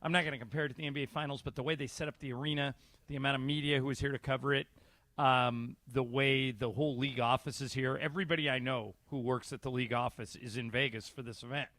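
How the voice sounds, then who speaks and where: A male play-by-play announcer chatting casually on sports talk radio, telling stories in a measured way. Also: medium pitch, steady tone, bright, forceful tone, no echo. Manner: conversational, storytelling, measured. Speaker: basketball play-by-play announcer and show regular.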